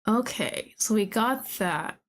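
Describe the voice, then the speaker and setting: A woman streamer commenting on a game as she plays, gushing, excitable and talking straight to the characters. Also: medium pitch, slow. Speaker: VTuber streamer. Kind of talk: let's-play commentary.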